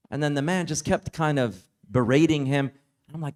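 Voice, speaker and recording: A man with a somewhat high voice gives a religious lecture as a story. He talks casually and conversationally, leaning on "like" and "you know" as he recounts it. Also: normal speed, darkish tone. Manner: casual, conversational, heavy use of "like". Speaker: Islamic teacher. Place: summer retreat lecture.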